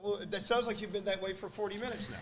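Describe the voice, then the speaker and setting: A middle-aged man, a radio host visiting a podcast as a surprise guest, joking and teasing in a relaxed showroom chat. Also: high-pitched, quick pace, a crowd in the background. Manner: teasing, joking, playful ribbing. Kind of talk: casual live podcast chat. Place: car dealership showroom.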